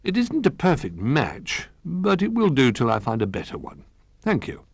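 A man voicing a gentle, polite female toy zebra in a storybook reading. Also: fairly high pitch, huge pitch swings, normal speed, breathy edge, no echo, voice pushed up, full character voice.

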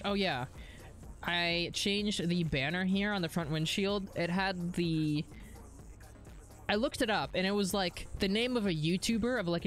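Casual, swearing young woman streamer. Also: on the low side. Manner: chatty, swears freely, reads chat aloud. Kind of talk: casual live-stream chat while gaming.

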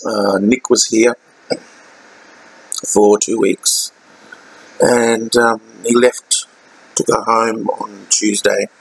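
An Australian man speaks in a personal video diary, his delivery halting and full of fillers and restarts. His voice is very deep, with a husky edge. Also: level tone, poor audio. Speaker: vlogger.

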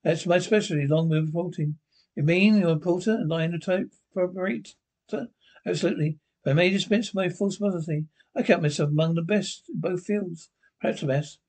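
An actor playing a sly, boastful male stranger who talks in a florid way, with a husky voice. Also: sits high, a little fast, darkish tone.

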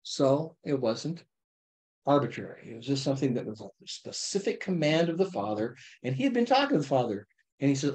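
A man teaching an informal Bible study, talking with his listeners in a lively, playful way and often checking in with them. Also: medium pitch, a little fast. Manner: conversational, checks in with frequent "okay?".

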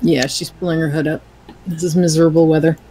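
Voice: mid-range voice, little pitch movement, quick pace, background noise. A tabletop game player making matter-of-fact remarks about their character.

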